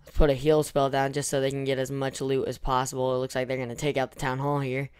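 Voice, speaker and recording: A young man giving casual, excitable commentary over his own gameplay, hoarse from losing his voice, trailing off into mumbles and then breaking into loud cheers. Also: mid-range voice, fast talker. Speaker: gaming YouTuber.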